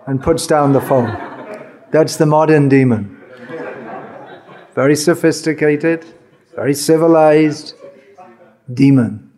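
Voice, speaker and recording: A man with a mellow, somewhat high voice gives an informal lecture to an audience as a spiritual teacher. He speaks slowly and conversationally, with wry humor and illustrative everyday examples.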